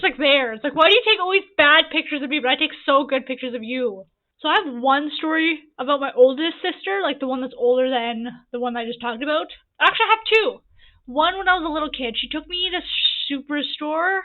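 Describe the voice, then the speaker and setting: High-voiced woman, tinny audio. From Canada. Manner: rambling, repeats herself, quick asides. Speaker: gaming YouTuber. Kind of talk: casual storytime over gameplay.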